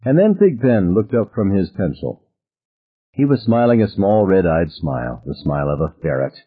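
A man narrating a novel in the first person, vivid and expressive. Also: low voice, normal speed. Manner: vivid first-person storytelling, voices characters. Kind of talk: audiobook narration. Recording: narrow phone-like audio.

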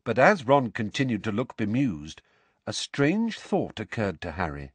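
A man reading a storybook aloud as narrator, measured and expressive. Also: fairly low pitch, slightly rough, dry recording. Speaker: audiobook narrator.

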